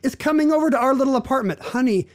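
Male podcast host, high voice, wry comic chat. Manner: wry, quick jokes. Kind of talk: casual comedic chat.

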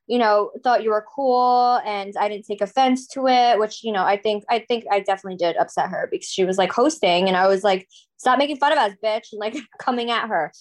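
A woman's voice: mid-range voice, fairly quick, few pauses. A woman co-hosting a podcast in casual chat, blunt and laughing, swearing freely. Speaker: podcast co-host.

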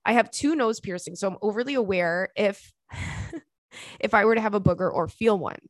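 A young woman hosts a chatty podcast and reads listener emails aloud. Her talk is sassy and full of giggles, at a middling pitch for a woman. The sound is dry and close, with no room echo. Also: normal speed. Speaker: podcast host. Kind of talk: casual chat, reading listener emails.

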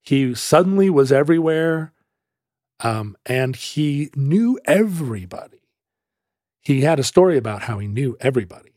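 A podcast host tells a story on a dry mic with no room sound, animated and acting out the voices he quotes. His medium-pitched voice keeps a moderate pace in this casual storytelling chat.

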